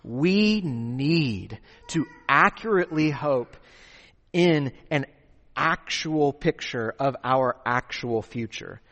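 A man's voice: medium pitch, animated, takes it slowly, fairly bright tone. A man preaching a sermon, asking rhetorical questions and repeating his key points for emphasis. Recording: long hall reverb.

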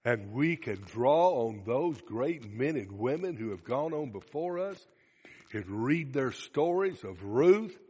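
A man preaches to a congregation in an animated style, asking them questions and acting out bits of dialogue. His medium-pitched voice is slightly rough and slow, with long hall reverb on the recording.

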